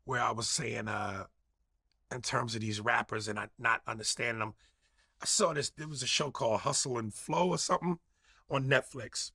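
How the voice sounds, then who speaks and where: A man's voice: mid-range voice, moderate pace, pushed and bright, breathy edge, no room sound, clean studio sound. A man in casual debate, talking emphatically and profanely and mimicking the way others speak.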